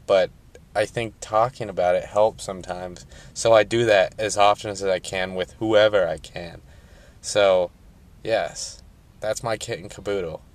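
A young man ranting casually to camera, rambling and cursing as he jumps around in his story. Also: deep voice. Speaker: vlogger.

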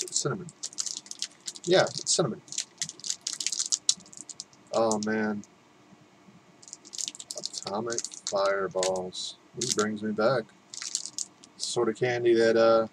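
Dude unboxing stuff, rambly, swears a lot, pokes fun at himself, faint hum behind him. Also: male voice, lowish voice. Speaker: unboxing vlogger. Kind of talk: casual unboxing commentary.

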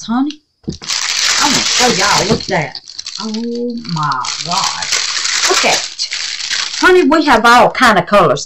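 A woman's voice: mid-range voice, bright, forceful tone, rough recording. A woman chatting casually to her viewers as she shows off gifted craft supplies, effusive and affectionate, calling them honey and baby and muttering to herself as she handles things. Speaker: resin craft vlogger. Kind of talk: casual chat showing gifts.

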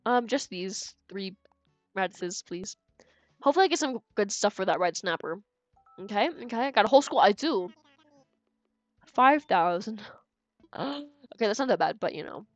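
With lively intonation and a mid-range voice, a young woman gives casual gameplay commentary at a moderate pace, leaving long pauses. She giggles while playing and talking to her chat, faint game music in the background, and there's no echo.

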